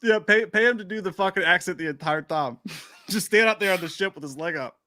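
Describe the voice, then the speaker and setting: A man's voice: high voice, brisk, sharp tone, no room sound, clean studio sound. A man co-hosting a casual live stream, cursing freely, laughing often and reading chat messages aloud. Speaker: podcast co-host.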